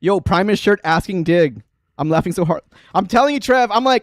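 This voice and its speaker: Animated and fast, a bass-playing livestream host in his thirties rambles casually, laughing often and filling his talk with fillers. The recording has no room sound.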